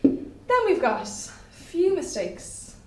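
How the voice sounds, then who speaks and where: A woman's voice: high voice, big pitch swings, very slow, darkish tone. A woman, teaching exam tips in a chatty way and checking in with "okay?" often. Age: 20s. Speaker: French teacher. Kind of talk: exam tutorial lesson. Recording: echoey room with faint background noise.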